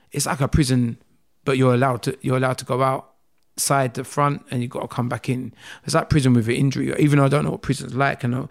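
Gravelly guy in his 30s rambling through his story, repeats himself a lot. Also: mid-range voice, darkish tone. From England. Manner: rambling, emotional, repeats phrases. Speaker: interview guest. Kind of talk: candid storytelling.

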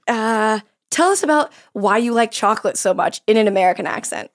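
A woman's voice: medium pitch, lively intonation, moderate pace. A young woman hosting a comedic podcast, talking in a playful, teasing, jokey way. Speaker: podcast host. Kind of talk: comedic casual chat.

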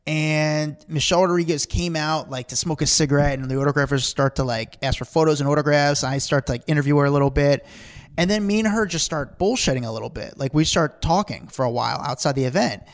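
Guy rattling off stories super quick, kinda high voice, lots of "like"s. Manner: rapid, rambling, full of "like" fillers. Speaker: podcast guest. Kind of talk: animated storytelling in casual chat.

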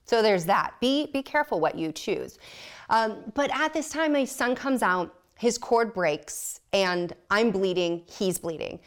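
A woman's voice: medium pitch, animated, unhurried. A woman guest on a podcast telling a personal story candidly, blunt and self-mocking, often laughing.

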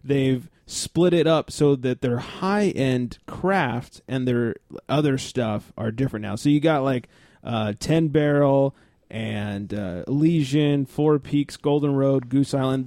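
A man's voice: mid-range voice, takes it slowly, darkish tone, no echo, studio quality. A man hosting a beer podcast, chatting through the news and laughing as he reads stories aloud.

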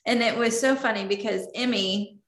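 A woman with a slightly high voice tells a personal story in an interview. She speaks earnestly and lets her emotion show. The recording has a roomy echo. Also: moderate pace. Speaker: interview guest.

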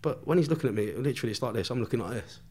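Brief: man, podcast guest, mid-pitched, casual anecdote, heavy swearing, chuckles as he goes. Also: lively intonation, very fast, warm tone, slightly rough. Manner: swears constantly, laughs through his own story. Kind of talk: casual storytelling.

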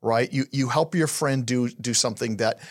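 A man's voice: medium pitch, moderate pace. A man co-hosting a podcast who explains ideas in casual conversation and often answers his co-host with short "yeah"s. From Colorado, USA. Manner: explanatory, affirming with frequent "yeah".

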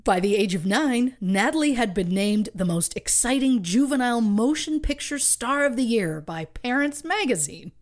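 A woman's voice: on the high side, lively intonation, moderate pace, few pauses. A woman co-hosting a podcast, telling a true crime story from her research with wry asides and light laughs. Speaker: podcast co-host.

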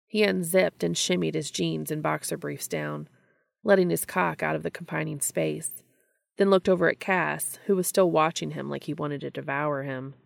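A woman reading a story aloud in a steady, unhurried storytelling manner. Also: low-pitched, vocal fry, no room sound, studio quality. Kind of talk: reading fan fiction aloud.

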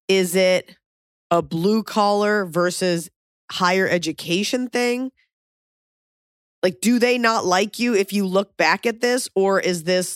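A woman's voice: on the low side, dry recording, clean studio sound. A woman hosting an advice podcast, talking bluntly and swearing freely as she fires off questions in casual chat. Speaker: podcast host giving advice.

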